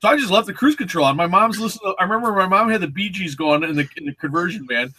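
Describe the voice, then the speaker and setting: A man with a high, bright voice tells road stories in casual chat, swinging his pitch widely as he plays out what each person said. His tone is a little husky, and the recording is close and dry. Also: lively intonation, very fast. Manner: storytelling, acts out quoted voices. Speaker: show co-host.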